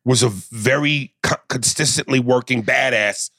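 A man's voice: mid-range voice, normal speed, sharp tone, no echo, clean studio sound. A man co-hosting a podcast in casual, joking chat, swearing freely. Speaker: podcast co-host.

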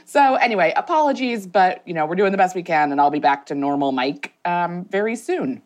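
A woman's voice: fairly low pitch, lively intonation, fairly quick, muffled recording. A woman co-hosting a casual podcast, chatty and agreeable, laughing easily with her co-host.

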